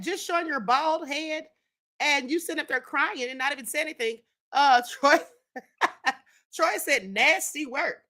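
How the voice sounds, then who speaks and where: A woman's voice: high-pitched, pushed and bright. A woman hosting a live stream, reading viewers' chat comments and chatting casually in a sassy tone, often calling her listeners "honey" and "child.".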